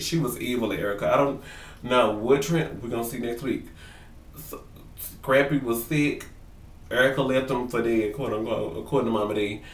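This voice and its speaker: Talking to camera for his vlog, a man gossips casually about a reality show in animated, profane slang, acting out in voices what people said. His mid-range voice sounds far from the mic, with roomy audio.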